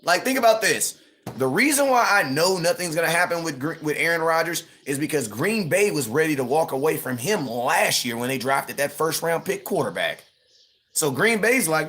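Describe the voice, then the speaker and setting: A man in his thirties hosts a casual live stream sports rant, his voice bright and forceful and a touch higher than most men's. He talks in an animated, mocking way, slipping into quick impressions and laughing often. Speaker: livestream host.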